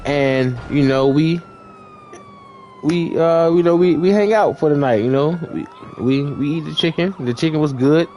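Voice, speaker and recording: A young man with a warm tone and moderate pace tells a long story casually, rambling and leaning heavily on fillers. He plays the other people in high voices, over a little hiss or hum.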